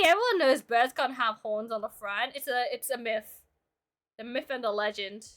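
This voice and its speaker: A woman's voice: high-pitched, bright, forceful tone. A young woman streamer chatting casually with her viewers while she draws, playful and talkative. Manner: chatty and playful, talking to chat. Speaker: streamer and illustrator. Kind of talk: casual livestream chat while drawing.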